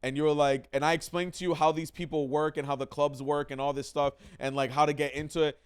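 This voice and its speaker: A man's voice: on the high side, level tone, fast talker, smooth. A man hosting a casual podcast, talking emphatically, swearing freely and repeating himself for stress. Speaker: podcast host, comedian.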